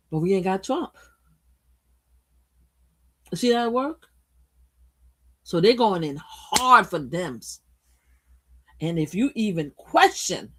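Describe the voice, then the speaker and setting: A woman from Brooklyn hosting a casual political livestream, blunt and profane, swinging between loud outbursts and quiet asides. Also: sits low, breathy edge. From Brooklyn, USA. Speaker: livestream host. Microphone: streaming mic.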